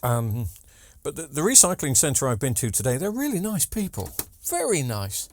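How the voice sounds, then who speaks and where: A man's voice: mid-range voice, big pitch swings, normal speed, a little hiss or hum. A man, rambling casually through a TV repair vlog with joking asides and lots of ums. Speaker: TV repair vlogger. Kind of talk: casual chatty workshop vlog.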